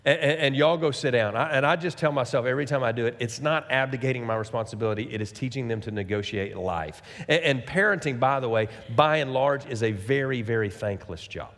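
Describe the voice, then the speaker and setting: Pastor preaching in a reverberant hall. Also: male voice, mid-range voice, fairly quick, few pauses, fairly bright tone. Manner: conversational preaching with rhetorical questions and asides. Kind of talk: sermon. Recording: long reverb of a large hall.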